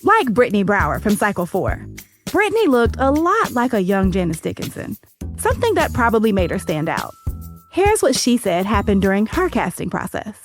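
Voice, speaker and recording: A woman hosting and narrating a documentary-style podcast in a measured, storytelling way. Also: mid-range voice, wildly swooping pitch, faint music behind.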